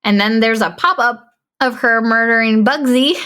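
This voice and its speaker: A woman's voice: on the high side, normal speed, pushed and bright. A woman co-hosting a podcast, recapping a film's plot in casual, chatty talk full of fillers. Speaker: podcast co-host.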